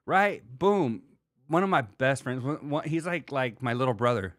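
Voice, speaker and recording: A man hosts a livestream alone, talking in a loose, rambling way and dropping the odd curse as he answers his chat. His voice sits at an ordinary pitch. The sound is close and dry, with no room echo. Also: animated, normal speed, a bit bright. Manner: loose and rambling, swears casually. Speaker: livestream host. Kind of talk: casual solo livestream chat reading viewer comments.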